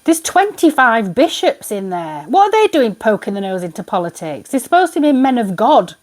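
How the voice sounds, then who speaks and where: A woman's voice: a little high, very animated, moderate pace. Ranting woman tarot reader. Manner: exasperated, indignant, rambling ranting. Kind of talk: ranting vlog monologue.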